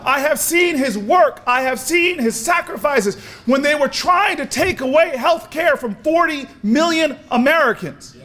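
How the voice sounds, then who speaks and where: A man giving an impassioned, preacher-style speech at a convention, telling stories with repeated words and building to shouts. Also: very high-pitched, lively intonation, unhurried, hardly any pauses. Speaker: speaker at a convention. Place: large convention hall.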